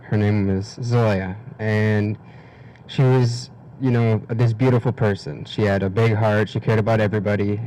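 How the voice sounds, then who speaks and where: A teenage young man giving a personal testimony at a community event, halting with many fillers and restarts, emotional and on the verge of tears. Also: fairly low pitch, warm tone, slight background noise, rough recording. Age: teens. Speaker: guest speaker.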